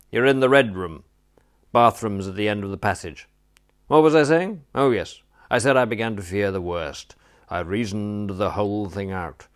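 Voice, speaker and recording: A peevish old duke who rambles and blusters, sounding low and a touch louder than the teller's own voice, as a man reads him aloud. He grumbles on in a storybook reading. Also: lightly acted. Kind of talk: audiobook character voice.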